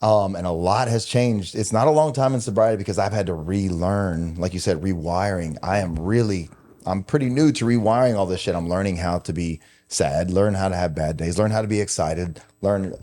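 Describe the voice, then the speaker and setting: A middle-aged man hosting a podcast tells a personal story at a moderate pace in a low, dark voice. It's candid, conversational storytelling, confessional and emotional, with plenty of casual swearing.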